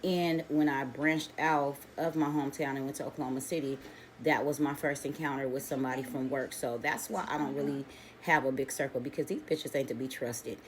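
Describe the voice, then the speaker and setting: A middle-aged woman casually telling a story on her channel, animated and profane, full of slang and acting out other people's lines. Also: extremely low pitch, a little fast, slight background noise. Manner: animated, profane, slangy, acts out quoted voices.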